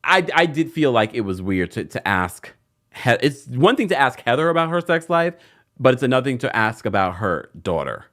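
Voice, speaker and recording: A man's voice: medium pitch, very animated, normal speed, fairly bright tone. A man hosting a casual reality TV recap, chatty and gossipy, with playful asides. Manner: acts out the cast's lines in put-on voices.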